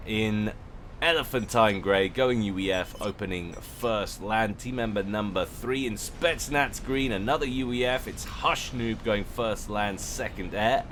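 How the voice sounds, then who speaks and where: A man's voice: on the low side, a bit bright, a little hiss or hum. A man giving casual, jokey commentary on a strategy game match, chatty and often correcting himself. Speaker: game caster.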